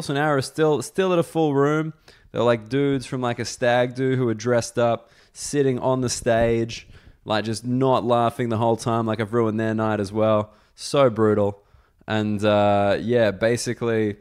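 A man's voice: medium pitch, smooth. A man, a podcast host and comedian, telling a loose, casual story full of fillers before chatting with his guest.

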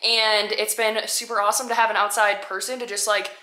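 A woman's voice: mid-range voice, flat delivery, brisk, sharp tone, dry recording, low-quality recording. A young woman vlogging casually to camera after a workout, upbeat and chatty, saying "super" and "like" a lot. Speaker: fitness vlogger. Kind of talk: casual vlog talk to camera. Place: outside a gym and at home.

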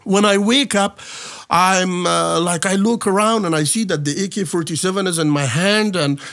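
Halting man, fairly high voice. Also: a bit bright. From Afghanistan. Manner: halting, many fillers and restarts, earnest storytelling. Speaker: guest. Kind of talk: personal testimony in a podcast interview.

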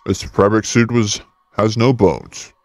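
A man voicing a vengeful ghostly spirit who delivers slow, menacing threats. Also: on the low side, a little mellow, no echo, faint music behind.

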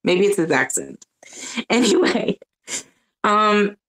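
A woman on a panel shares her personal faith story in casual conversation, earnest and searching, often restarting her sentences. Her medium-pitched voice is animated and fairly bright, and she takes it slowly. The audio quality is poor.

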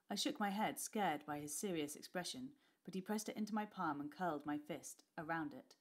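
Woman reading a story aloud to kids, british accent, slightly low voice, gets quiet and whispery in tense bits. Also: fairly quick, hardly any pauses. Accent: British English. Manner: expressive, voices characters, drops to whispers. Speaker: teacher reading a class novel aloud.

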